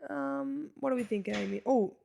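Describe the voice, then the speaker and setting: Young woman, podcast co-host, playful teasing banter, slightly high pitch. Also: a little fast, creaky, warm tone, slight background noise. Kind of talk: casual chat.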